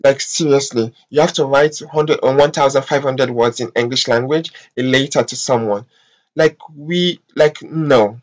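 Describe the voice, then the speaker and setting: A vlogger from talks straight to the camera. The delivery is impassioned and exasperated, thick with profanity and emphatic repeats. It is broken by drawn-out filler sounds and pauses. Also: mid-range voice, low-quality recording. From West Africa. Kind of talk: emotional vlog rant to camera.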